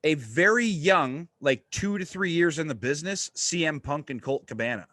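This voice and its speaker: Excitable man telling a podcast story. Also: on the high side, normal speed, no echo, clean studio sound. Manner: animated, swearing, excited storyteller. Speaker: podcast host. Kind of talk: casual storytelling chat.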